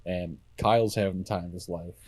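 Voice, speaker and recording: A man's voice: low voice, steady tone, brisk, darkish tone, a little hiss or hum. A young man co-hosting a podcast, recounting a story in casual slangy chat, piling on vivid details. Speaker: podcast co-host.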